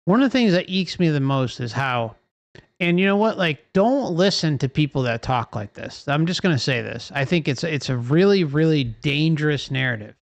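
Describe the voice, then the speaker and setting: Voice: medium pitch, animated, moderate pace, no echo. A livestream host delivering an impassioned, profane rant full of rhetorical questions.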